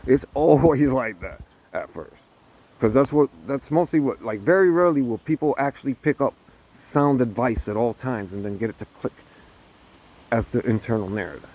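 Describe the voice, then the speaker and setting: A man's voice: medium pitch, moderate pace. A man ranting casually to camera, swearing constantly and laughing between lines. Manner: profane, laughing often, animated. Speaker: vlogger.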